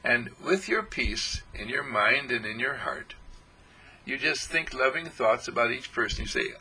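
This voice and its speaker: A man's voice: mid-range voice, expressive, normal speed, vocal fry, bright, forceful tone, husky, low-quality recording. A man giving an inspirational spiritual talk, speaking in repetitive, soothing affirmations. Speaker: spiritual teacher.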